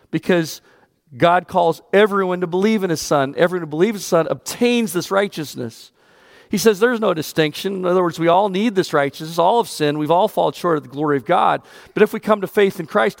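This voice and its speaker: A man's voice: a little high, gravelly, dry recording, clean studio sound. A male pastor delivering a sermon in an earnest preaching manner that rises with emphasis.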